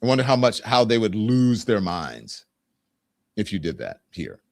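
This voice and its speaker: A man's voice: on the low side, sing-song, a little slow, vocal fry, darkish tone, no echo, clean studio sound. A man hosting a political talk show, commenting sarcastically and with emphasis.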